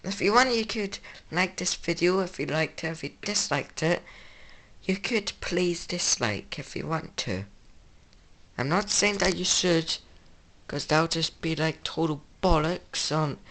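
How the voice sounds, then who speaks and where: A woman's voice: deep voice, measured pace, a bit bright. A woman with an English accent hosting a casual gaming retrospective, rambling and correcting herself as she goes. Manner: rambling, self-correcting, offhand. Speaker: video game channel host.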